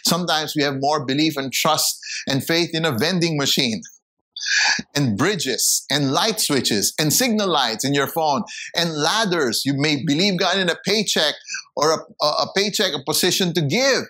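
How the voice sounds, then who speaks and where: Bright-voiced male preacher. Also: animated, normal speed. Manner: emphatic preaching, rising high when acting out voices. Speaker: pastor. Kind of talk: sermon.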